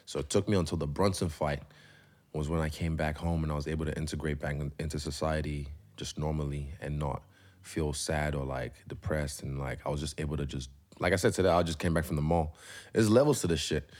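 A man's voice: extremely low pitch, fairly even intonation, a little fast, a little mellow. A man, a professional fighter, speaking as an interview guest in a loose, rambling, candid way and swearing freely. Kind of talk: candid casual conversation.

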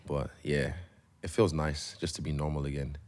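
A man's voice: rumbling low, level tone, normal speed, darkish tone. A man, a professional fighter, speaking as an interview guest in a loose, rambling, candid way and swearing freely. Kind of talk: candid casual conversation.

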